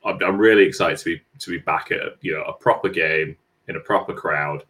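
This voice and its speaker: A man with a very low, deep voice talks football with a friend in a loose podcast chat. He stops and restarts often and slips in dry jokes. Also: fairly bright tone. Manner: halting, repeats words, dry jokes. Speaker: podcast co-host.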